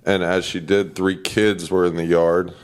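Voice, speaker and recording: Laughing storyteller man, low voice. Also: little pitch movement, unhurried. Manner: storytelling, acts out kids and himself in voices, laughs often. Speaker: podcast co-host. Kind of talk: casual chat.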